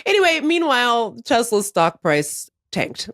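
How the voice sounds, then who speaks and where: A woman's voice: fairly high pitch, a little slow, no room sound. Woman co-host, casual podcast chat, laughs a lot, rambles, dry close studio sound. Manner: animated, laughing often, rambling asides.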